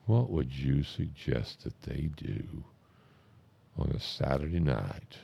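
A man spins a comic anecdote in a slow, drawn-out, deadpan way, stopping now and then to correct himself. His voice sits extremely low with a gravelly rasp. The tone is dark and husky. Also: muffled recording. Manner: drawn-out, deadpan delivery with self-interruptions. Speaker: comic storyteller.

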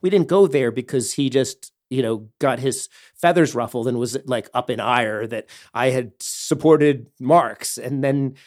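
A man's voice: mid-range voice, measured pace, hardly any pauses, dry recording, clean studio sound. A man telling a personal story as a podcast host, rambling with many fillers and growing heated and intense. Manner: heavy fillers and restarts.

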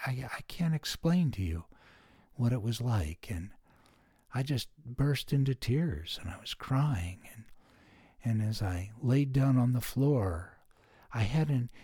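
An older man hosting a podcast, telling a personal testimony in a soft-spoken, earnest way with gentle hesitations. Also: mid-range voice, no room sound, studio quality. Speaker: podcast host.

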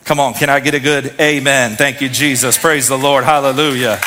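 A man preaching a sermon as pastor, fiery and building to shouted peaks, calling on the congregation to answer him. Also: mid-range voice, steady tone, normal speed, noisy background.

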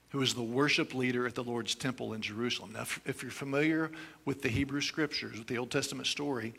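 Bright-voiced preaching man. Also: fairly high pitch, creaky. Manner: expressive preaching, swings between hushed reading and forceful exclamation. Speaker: pastor. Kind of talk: sermon.

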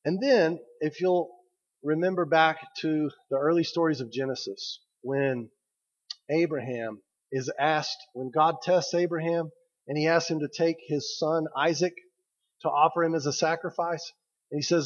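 A pastor giving a conversational sermon, stressing key words and slowing down for emphasis. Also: male voice, on the high side, steady tone, highs cut off. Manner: conversational, emphatic preaching with slow pauses.

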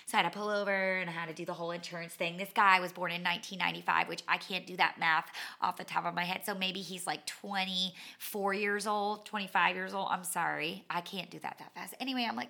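Chatty woman with a bright, gravelly voice. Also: mid-range voice, a little fast. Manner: chatty and animated, with dramatic asides and self-mocking humor. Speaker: podcast host and cycling instructor. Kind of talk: casual monologue storytelling.

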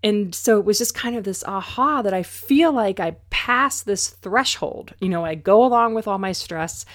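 A middle-aged woman hosting her own podcast as an anxiety coach, talking candidly and conversationally about her own stress. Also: lowish voice. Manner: candid, conversational, self-reflective. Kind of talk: casual podcast monologue.

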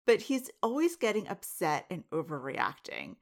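Chatty, animated woman podcast host. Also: on the low side, normal speed. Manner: chatty and animated, laughs often, asks listeners direct questions. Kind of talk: casual monologue podcast.

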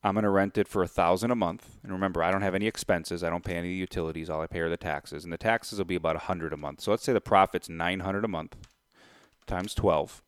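A man's voice: sits low, fast talker, clean tone, no room sound. A man casually telling a story to camera, acting out both sides of a deal and working out sums aloud. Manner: animated retelling, acts out both sides of a deal; works out sums aloud, thinking out loud. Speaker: real estate investor.

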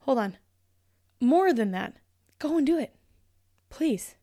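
A woman's voice: high voice, lively intonation, slow pace, warm tone, no room sound, clean studio sound. A woman in her thirties hosting a solo podcast, talking in a chatty, upbeat and encouraging way. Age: 30s. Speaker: podcast host and motivational speaker.

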